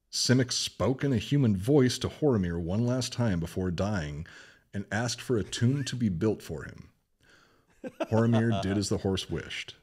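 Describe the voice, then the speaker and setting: A man's voice: deep voice, husky. A man co-hosting a podcast, reading a legend aloud in a casual way and breaking off to joke and swear. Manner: retells a legend, joking and swearing between passages. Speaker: podcast co-host.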